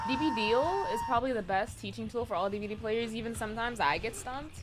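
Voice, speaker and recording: A woman's voice: a little high, lively intonation, fairly quick, hardly any pauses, over music. A young woman streaming live, chatting casually with her viewers and reading chat aloud, swearing now and then.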